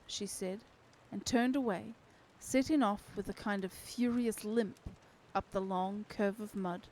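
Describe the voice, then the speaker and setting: A woman streamer reading a novel aloud to her community with steady, expressive narration. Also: mid-range voice, a little slow, few pauses, a little hiss or hum, rough recording. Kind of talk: unhurried storybook reading.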